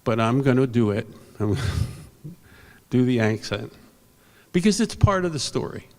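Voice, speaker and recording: An older man telling rambling, animated anecdotes on stage at an awards ceremony, correcting himself as he goes, through a stage microphone in a convention hall. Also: medium pitch, normal speed. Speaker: veteran comic book inker and speaker. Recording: long hall reverb.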